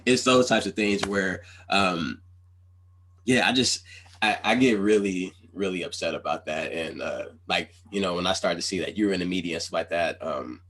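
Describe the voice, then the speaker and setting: A man's voice: sits low, normal speed, a bit bright. A man hosting a casual podcast interview, earnest and rambling, full of "you know" and "like". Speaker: podcast host.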